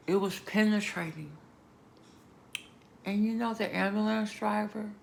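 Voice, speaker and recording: A woman vlogger giving an emotional, emphatic personal testimony, moving between hushed and loud moments. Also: mid-range voice, vocal fry, a little hiss or hum. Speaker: vlogger sharing a personal story.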